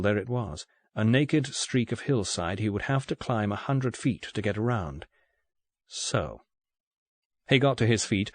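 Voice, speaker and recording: A man narrating an audiobook in a steady, even reading voice. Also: lowish voice, no echo. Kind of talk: scripted narration.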